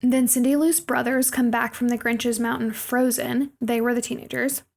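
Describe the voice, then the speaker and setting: A woman's voice: fairly high pitch, level tone, moderate pace, creaky. A woman co-hosting a podcast, chattily retelling a movie scene by scene. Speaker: podcast co-host. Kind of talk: casual podcast movie recap.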